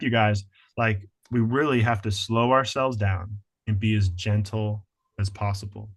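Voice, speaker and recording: Animated man teaching a healing webinar. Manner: energetic, acts out inner voices with rising pitch, addresses "you guys". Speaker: healing coach presenting a webinar. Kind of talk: webinar presentation.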